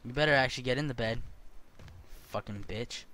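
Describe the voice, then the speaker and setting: A man giving profane let's-play commentary, swearing constantly and yelling at the game. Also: medium pitch, brisk. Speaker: gaming commentator.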